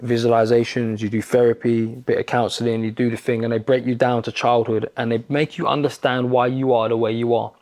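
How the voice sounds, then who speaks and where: A man, a podcast guest, telling a story in casual talk, animated and swearing freely. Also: mid-range voice, fairly quick, few pauses. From London. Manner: animated, swears freely, acts out quoted exchanges.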